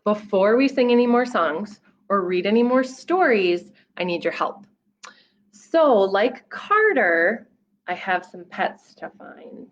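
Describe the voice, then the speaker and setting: A woman children's librarian reading a picture book aloud at storytime, playful and animated, with gasps and sound effects. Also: medium pitch, takes it slowly, highs cut off, slight background noise.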